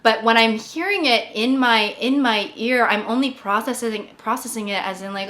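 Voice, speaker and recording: A woman's voice: mid-range voice, moderate pace, hardly any pauses, music in the background. A woman talks straight to her audience in a loose, rambling vlog. She jokes at her own expense and drifts from one thought to the next in casual chat. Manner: rambling, jokey, self-deprecating. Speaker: vlogger.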